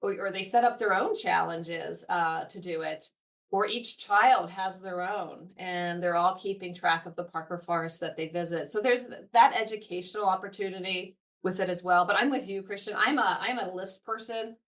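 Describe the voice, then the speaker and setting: A woman's voice: lowish voice, normal speed, a bit bright, distant mic. A woman representing a parks foundation as an interview guest, talking eagerly and at length with frequent fillers. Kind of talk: enthusiastic podcast conversation.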